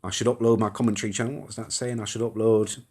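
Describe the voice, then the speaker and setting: A man's voice: lowish voice, little pitch movement, fast talker, darkish tone, breathy edge. A young man hosting a casual live stream, rambling and reading out viewer comments with mild swearing. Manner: chatty, rambling, mild swearing, reacts to comments as they scroll. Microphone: phone or webcam live stream.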